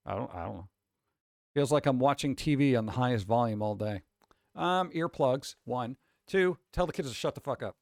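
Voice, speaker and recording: Here a mid-range, somewhat creaky and mellow male voice moves at a moderate pace with animated delivery. He rambles and curses while reacting to posts during a casual live stream, restarting often, and the sound is dry and clean, like a studio.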